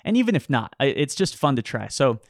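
He is a young man appearing as a beatboxing guest on a podcast. His mid-range voice carries a strong gravelly fry, and the sound is close and dry. He explains things in an easygoing way, with frequent "you know" asides. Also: medium pitch, big pitch swings, a little fast, dry recording. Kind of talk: casual chat.

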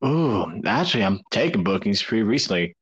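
A man's voice: on the low side, big pitch swings, fairly quick, husky, lo-fi sound. A man, a professional wrestler, joking and chatting casually as a podcast guest. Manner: joking, playful, laughs easily.

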